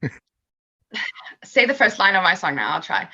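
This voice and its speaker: Young woman, bright voice, giggles, lots of likes, muffled lo-fi audio. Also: lowish voice, big pitch swings, moderate pace, pauses often, husky. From Sweden. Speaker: singer, interview guest. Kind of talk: casual video-call interview.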